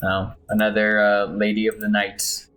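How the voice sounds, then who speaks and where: A man's voice: lowish voice, completely flat delivery, moderate pace, fairly bright tone, low-quality recording. A man playing a role-playing game, chatting casually and poking fun at himself while reading game text aloud. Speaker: gamer playing on stream. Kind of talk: casual gameplay commentary. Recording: faint game music behind.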